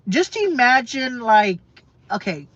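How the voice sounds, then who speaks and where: A woman's voice: fairly high pitch, very animated, fairly bright tone, dry recording. A woman vlogger in an emotional, emphatic rant to her camera, repeating herself, swearing and stumbling over fillers. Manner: emphatic, repetitive, profane, halting with fillers. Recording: dull lo-fi dry sound.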